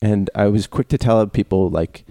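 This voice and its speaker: A middle-aged man trades wry jokes as a podcast co-host in loose, casual chat. His voice is dark and mellow, and the sound is close and dry with no room echo. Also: fairly low pitch. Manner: wry, joking, quick asides.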